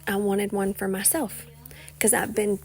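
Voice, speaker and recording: A young woman hosting a casual solo podcast, rambling with lots of "like" and "you know", sometimes dropping into soft whispery asides. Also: mid-range voice, little pitch movement, measured pace. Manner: rambling, chatty, many "like" and "you know" fillers. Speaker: podcast host.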